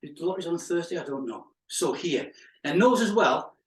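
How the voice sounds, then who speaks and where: A man's voice: fairly high pitch, animated, moderate pace. A male fitness instructor leading a live exercise class, counting reps aloud with chatty asides and laughing at his own jokes. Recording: echoey room, mic far off.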